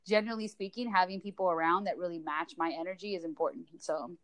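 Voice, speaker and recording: A woman guest on a podcast, talking in a relaxed, chatty way, full of fillers. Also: on the low side, quick pace. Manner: relaxed, chatty, lots of likes and you-knows. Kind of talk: casual podcast chat.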